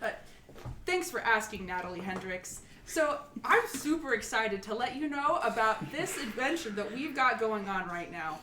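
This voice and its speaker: Woman playing a young hero in a news-reporter voice, earnest, rambling, high, crisp. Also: animated, moderate pace, bright, forceful tone, a little hiss or hum. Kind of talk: tabletop role-play in character. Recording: echoey room, mic at a distance.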